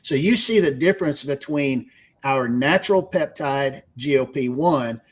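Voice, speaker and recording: A man's voice: medium pitch, lively intonation, a little slow, slightly rough. A man with a Texas accent, a radio guest explaining technical science step by step. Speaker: guest, research executive. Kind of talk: explanatory interview answer.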